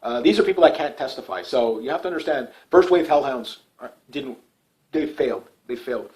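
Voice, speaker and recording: A man's voice: medium pitch, animated, a little fast, a little mellow, poor audio. A middle-aged man delivering a casual political monologue to his channel, rambling and repetitive with frequent restarts. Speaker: political YouTuber.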